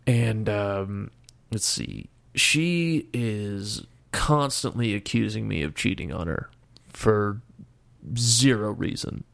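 Young man, low gravelly voice, swears often while retelling a story, casual and exasperated. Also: expressive, slow pace, a bit bright. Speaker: storyteller guest.

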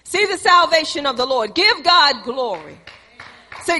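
A woman's voice: high voice, big pitch swings, measured pace, bright, forceful tone. A woman preacher delivering a sermon and rising into fervent exhortation to her congregation. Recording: long hall reverb.

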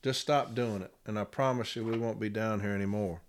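A man's voice: on the low side, fairly even intonation, slight background noise. Plain-spoken man telling a story. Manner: plain-spoken storyteller, repeats numbers slowly. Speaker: union representative. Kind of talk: casual podcast monologue.

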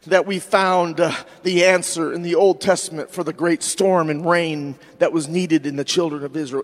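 Fervent high-voiced pastor in a reverberant church. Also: male voice, steady tone. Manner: fervent preaching, stretching words slowly for emphasis. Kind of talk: sermon.

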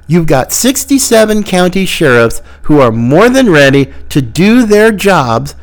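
Male podcast host, higher-pitched, sarcastic ranting monologue. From Florida. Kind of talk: opinion monologue.

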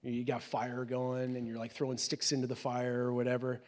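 A pastor preaching a sermon in a casual, conversational way, swinging between loud, high exclamations and soft, low asides. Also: male voice, monotone, moderate pace. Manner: casual, conversational preaching with many fillers and restarts. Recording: long hall reverb.

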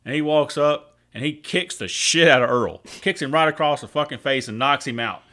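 A man's voice: on the high side, normal speed, pushed and bright. A married man, co-hosting a casual podcast and telling crude jokes in a drawling storyteller way. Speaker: podcast co-host. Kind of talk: casual joke-telling chat.

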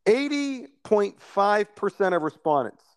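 A man hosting a podcast, steering the chat from topic to topic with a wry edge. His voice is a little high and sits in a dry, close recording with no room sound. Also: sing-song, a little slow, clear, resonant tone, dry recording. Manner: wry, leads the segments. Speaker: podcast host. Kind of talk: casual political chat.

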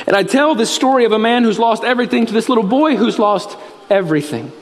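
A man preaching a sermon, telling a story earnestly and dropping his voice low and soft at solemn moments. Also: expressive, fast talker. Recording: reverberant hall.

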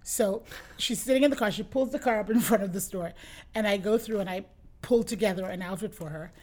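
A middle-aged woman who owns a boutique, chatting as an interview guest and telling lively anecdotes, often acting out what her customers said. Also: medium pitch, brisk. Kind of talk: casual interview storytelling.

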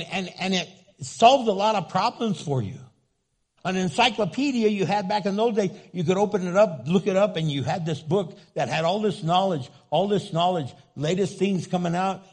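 An older man with a high-pitched, husky voice preaches a humorous sermon. The pastor is animated and funny, often acting out voices for the quotes.

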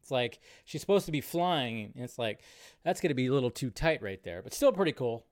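A man hosting a live film news show, giving animated, sarcastic commentary and ranting as he goes. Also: mid-range voice, a little fast.

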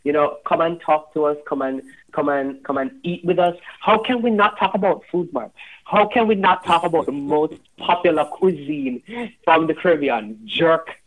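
A man's voice: a little high, normal speed, poor audio. A man from Jamaica, a tourism guest on a radio show, speaking in an upbeat, inviting way. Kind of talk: promotional radio interview.

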